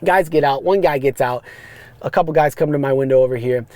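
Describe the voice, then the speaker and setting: A man, hosting a podcast and telling rambling, animated stories about his rideshare driving. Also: mid-range voice, brisk, no room sound. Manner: animated, rambling, frequent restarts and fillers. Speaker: podcast host, rideshare driver. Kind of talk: casual storytelling monologue. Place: parked car.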